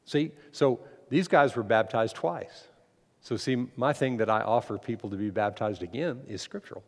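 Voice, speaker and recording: A man preaching a sermon as pastor, emphatic, climbing to loud peaks and then dropping low. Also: animated, a little slow, in a large hall.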